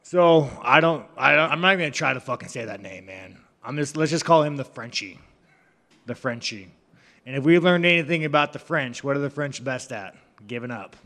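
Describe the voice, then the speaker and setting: A man's voice: mid-range voice, animated, normal speed, pushed and bright. A man, a professional fighter, giving rambling, profane, mocking answers to reporters. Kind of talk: media scrum answers. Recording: reverberant room.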